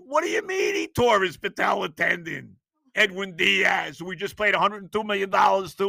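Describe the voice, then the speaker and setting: An older man, hosting a sports podcast and ranting in exasperation with loud, theatrical outbursts. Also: high voice, animated, normal speed, vocal fry, no echo, clean studio sound. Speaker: podcast host. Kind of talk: sports rant.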